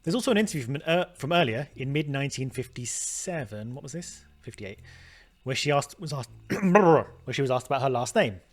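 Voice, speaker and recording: A man puzzles out loud over a detective game in his let's play video, frequently letting sentences trail away before restarting. He talks fairly quickly in a mid-range voice with lively intonation.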